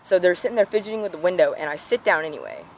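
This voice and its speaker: A woman's voice: on the low side, very fast, slight background noise. A teenage girl telling a storytime rant in a casual vlog, acting out what people said. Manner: animated, acts out quoted voices. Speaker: vlogger.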